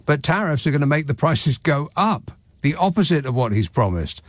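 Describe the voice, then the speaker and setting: A man's voice: fairly high pitch, sing-song, moderate pace, no echo. A man hosting a late-night radio phone-in, sarcastic and opinionated. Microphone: studio microphone.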